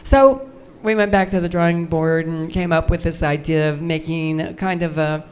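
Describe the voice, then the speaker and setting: A woman's voice: low voice, normal speed, darkish tone, smooth. An older woman telling anecdotes as a guest on a convention panel, chatty and self-mocking. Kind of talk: storytelling on a fan panel. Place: convention stage before a live audience.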